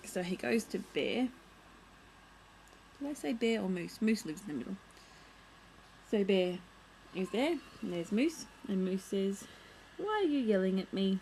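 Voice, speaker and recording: A woman's voice: mid-range voice, lively intonation, unhurried, gravelly, mellow, a little hiss or hum, poor audio. A young woman vlogging at home, chatting casually as she shows and reads from a children's picture book, full of playful asides.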